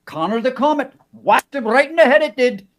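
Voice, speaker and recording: A man's voice: extremely high pitch, animated, a little fast, a bit bright. A man putting on an Irish accent to play a superstitious storyteller who earnestly spins folksy tall tales. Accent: put-on Irish. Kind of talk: improv comedy scene.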